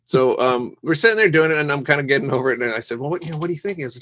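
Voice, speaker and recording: A man telling stories as a guest on a casual podcast interview, lively and acting out the voices of people he quotes. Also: on the high side, very fast, few pauses. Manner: animated storyteller who acts out quoted voices. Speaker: musician guest.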